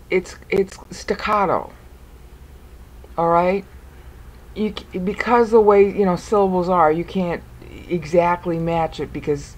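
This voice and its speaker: A woman's voice: fairly low pitch, darkish tone. A woman teaching a screen-recorded Bible study lesson, talking patiently through the text, counting syllables aloud and breaking off now and then to restart. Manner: self-interrupting, with small restarts and asides. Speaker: Bible commentator.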